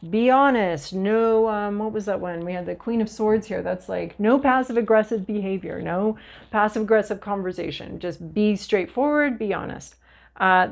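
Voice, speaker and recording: A woman giving a casual, chatty tarot reading, talking straight to the listener and now and then acting out little voices. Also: mid-range voice. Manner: chatty, animated, acts out little voices and asides. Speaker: tarot reader.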